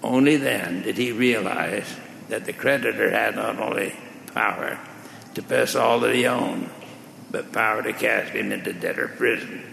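A male preacher telling a parable in a measured, deliberate sermon, recorded in a large hall. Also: fairly low pitch, vocal fry, pushed and bright, a little hiss or hum. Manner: slow, measured, deliberate storytelling. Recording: echoey hall with faint ambience.

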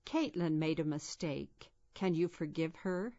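A patient, caring mother from a storybook, voiced by a woman reading aloud, speaking softly and kindly. Her voice sits low and moves slowly. The recording has a dull, lo-fi sound. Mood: gentle. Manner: soft, calm and kind.

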